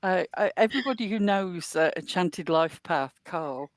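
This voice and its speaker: A woman's voice: fairly low pitch, animated, normal speed, dry recording, clean studio sound. A woman with a British accent, blunt and sarcastic, chatting casually as a co-host on a livestream. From England. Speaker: guest co-host.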